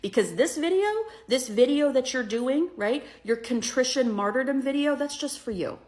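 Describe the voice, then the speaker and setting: A woman's voice: sits high, lively intonation, normal speed, a little mellow. Scornful woman ranting at the camera. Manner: scornful, rising to heated and profane. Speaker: commentator in a reacted-to clip. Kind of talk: angry social media rant.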